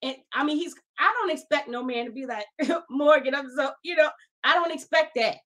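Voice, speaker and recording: Brief: woman podcast co-host, high voice, animated and emphatic chat. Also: moderate pace. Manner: animated, emphatic, exasperated commentary. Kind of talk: casual reality-TV discussion.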